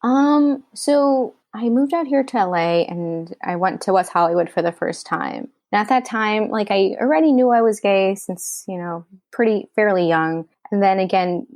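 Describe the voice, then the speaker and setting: A woman's voice: medium pitch, normal speed, hardly any pauses, darkish tone, dry recording. A woman from Queens, New York, a writer-director telling a personal story in an interview, candid and emotional, her speech full of "like" and "you know.".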